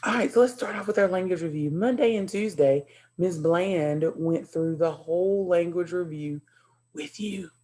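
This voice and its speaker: A woman teaching young children in a recorded video lesson, cheerful and encouraging. She speaks slowly and clearly to the kids. Her voice sits a little low and sounds mellow and warm. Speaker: second grade teacher. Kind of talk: recorded virtual classroom lesson.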